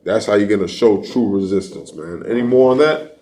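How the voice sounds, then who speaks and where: A man with a low voice teaches an online class in a preaching style. He talks emphatically, climbing to loud, animated peaks before dropping back down. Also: a little fast. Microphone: online class setup.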